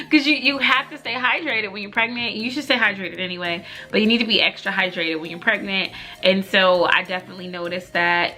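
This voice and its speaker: Chatty young woman vlogging, bright voice, faint music under her, lots of likes and ums. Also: mid-range voice. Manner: chatty, many fillers, laughs while telling stories. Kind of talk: casual chat to camera.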